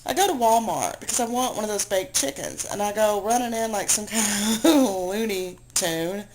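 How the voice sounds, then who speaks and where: A woman sits at home with a camera pointed at herself, worn out and low after crying all day. She rambles and vents with exasperated, self-mocking asides. Her voice sits at a middle pitch, with a faint hiss behind it. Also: moderate pace, a little mellow, poor audio. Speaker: video blogger. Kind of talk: emotional venting to camera. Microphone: handheld camera she aims at herself.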